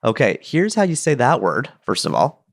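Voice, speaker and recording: A man's voice: medium pitch, huge pitch swings, moderate pace, creaky. A man hosting a podcast, chatting enthusiastically with playful asides into a close mic. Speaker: podcast host. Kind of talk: casual podcast monologue.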